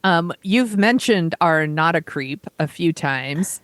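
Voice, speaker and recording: A woman's voice: fairly low pitch, lively intonation, no echo. A woman co-hosting a podcast, reacting to a story in casual chat and laughing easily. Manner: reactive listener, quick to laugh. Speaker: podcast co-host.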